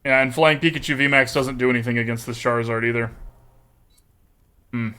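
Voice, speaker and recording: A man's voice: mid-range voice, steady tone, fairly quick, sharp tone, clean tone. A man streaming a card game, chatting and joking with viewers in a put-on, exaggerated Texas drawl. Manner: folksy, joking, chats with viewers. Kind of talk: casual live-stream commentary.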